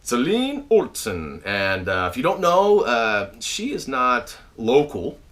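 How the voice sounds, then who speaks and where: A man's voice: mid-range voice, slow. A man hosting his own channel from home, chatting casually to viewers with plenty of fillers and restarts. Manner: animated and chatty, many fillers and restarts, shouts out names. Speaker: channel host. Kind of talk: casual video update to viewers. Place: at home, indoors.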